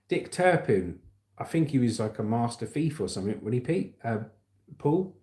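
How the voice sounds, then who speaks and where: A man's voice: medium pitch, sing-song, moderate pace, a little mellow, reverberant. A man with a southern English accent hosting a casual news livestream, chatting with viewers and reading stories. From England. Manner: chatty, laughs often, addresses viewers as mate.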